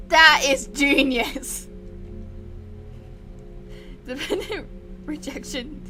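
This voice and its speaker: A woman giving excitable let's-play commentary, laughing as she goes and reading game text aloud. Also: sits high, normal speed, long pauses, over music. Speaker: gameplay commentator.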